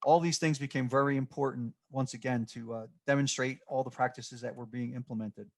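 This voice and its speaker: Guy presenting slides, mid-pitch voice, lots of ums and restarts. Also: steady tone. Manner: unscripted and halting, with many fillers and restarts. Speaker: extension presenter.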